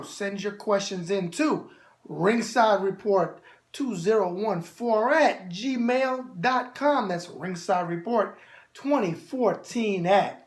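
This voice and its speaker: A middle-aged man with a New York accent hosting a boxing show, answering viewer mail in brash wise-guy banter. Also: high voice.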